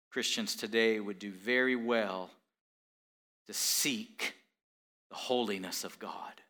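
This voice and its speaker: A middle-aged man preaching a sermon, swinging from hushed questions to shouted climaxes and addressing the congregation with rhetorical questions. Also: fairly low pitch, takes it slowly.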